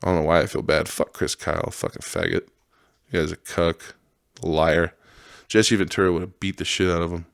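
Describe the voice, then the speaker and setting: Deep-voiced man in a profane rambling rant. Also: flat delivery, brisk, clean tone, no echo, clean studio sound. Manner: profane, rambling, sarcastic, laughs often. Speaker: podcast host. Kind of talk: casual monologue rant.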